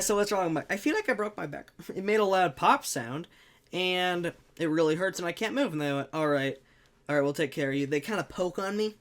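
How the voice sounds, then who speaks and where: A young man telling a comic personal anecdote in an animated, jokey way, with sudden loud bursts. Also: fairly high pitch. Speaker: storyteller.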